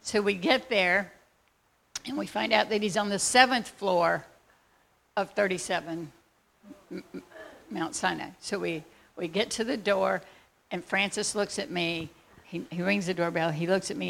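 A woman telling a faith testimony as a lively, excitable story. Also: fairly low pitch, unhurried, gravelly, pauses often, a little hiss or hum. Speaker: speaker sharing a faith testimony.

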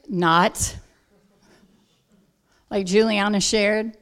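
A woman delivers a sermon at a slow, deliberate pace. She leans into emphatic lines and then drops to soft, quiet asides, keeping a mid-range voice throughout. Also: medium pitch. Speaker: preacher.

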